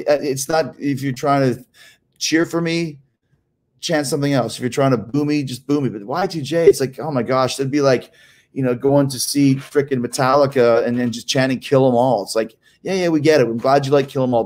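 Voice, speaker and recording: A middle-aged man hosting a show, telling long rambling stories and answering listener questions in a loose, swearing, animated way. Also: medium pitch. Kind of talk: casual storytelling chat.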